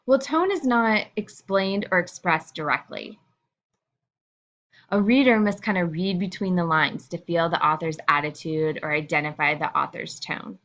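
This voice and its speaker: A woman's voice: on the low side, normal speed, fairly bright tone, muffled recording. A woman teacher explaining a lesson to her students in a casual, chatty way, with frequent fillers.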